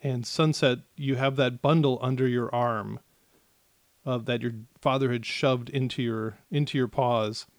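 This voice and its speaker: A man narrating as game master of a tabletop game, with many pauses and restarts. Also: mid-range voice, fairly even intonation, no echo. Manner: hesitant, many fillers and restarts.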